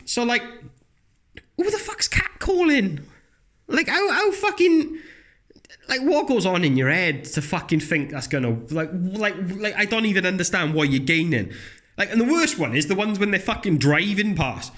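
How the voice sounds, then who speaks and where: A man with a blunt, profane, animated manner, ranting in casual comedic chat, his voice jumping high when he mocks others. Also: moderate pace.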